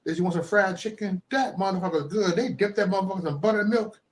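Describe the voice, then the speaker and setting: A man from Chicago hosting a live stream, delivering a profane comedic rant that swings into loud yelling. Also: high voice, fast talker.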